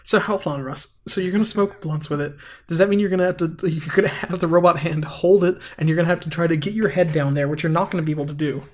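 A man's voice: on the high side, fast. Young man, co-host, dry teasing, exasperated comebacks. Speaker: podcast co-host. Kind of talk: casual comedic chat.

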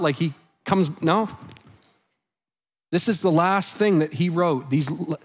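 A man preaching a sermon in church, earnest and conversational, often dropping soft and low on heavy lines. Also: animated, measured pace, long pauses. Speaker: pastor.

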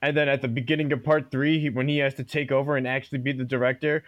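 A man's voice: mid-range voice, little pitch movement, fast, no room sound, muffled recording. A man co-hosting a podcast, eagerly laying out his take on a movie in casual chat. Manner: eager, lays points out step by step. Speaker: podcast co-host. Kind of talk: casual chat, film discussion.

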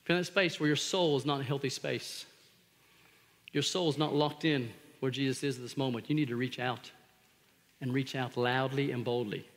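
A man preaching a sermon as pastor, telling stories animatedly and shouting out re-enactments. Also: mid-range voice, fairly even intonation, fairly quick. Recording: long hall reverb.

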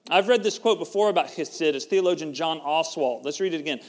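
A middle-aged pastor's voice, on the high side and fairly quick, carries through a church sanctuary with long hall reverb. His sermon is conversational, and he jokes with the congregation as he preaches.

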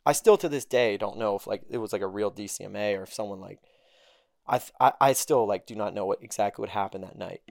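Speaking fast in a fairly low, gravelly voice, a young man appearing as a podcast guest recounts a story in casual conversation. He's profane and animated, voicing the people he quotes himself. The studio sound is clean with no echo.

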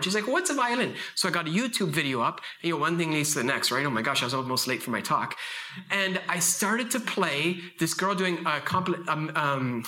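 Bright clear guy preaching at a conference, fired up, swings his voice around when telling stories. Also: sits high. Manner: impassioned, emphatic, storytelling with vivid voice shifts. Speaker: conference speaker. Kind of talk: passionate talk at a faith conference.

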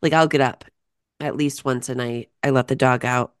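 A woman's voice: rumbling low, fairly even intonation, moderate pace, clear, resonant tone, no room sound, clean studio sound. A middle-aged woman co-hosting a podcast, chatting casually with a wry, joking manner. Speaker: podcast co-host. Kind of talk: casual chat.

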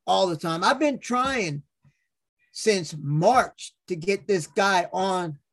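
Profane, animated male storyteller. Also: high-pitched, slow. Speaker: podcast host. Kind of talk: casual storytelling.

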